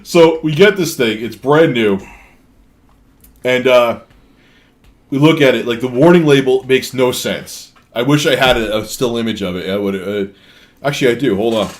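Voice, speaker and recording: A man's voice: medium pitch, moderate pace. A man live-streaming, telling a rambling story full of restarts and cussing while answering donations. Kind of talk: casual live-stream chat.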